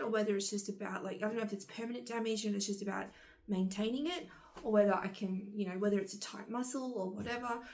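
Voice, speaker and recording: A young woman vlogging in a loose, rambling way. She talks casually to her camera at an ordinary middle pitch. Her retellings turn exasperated.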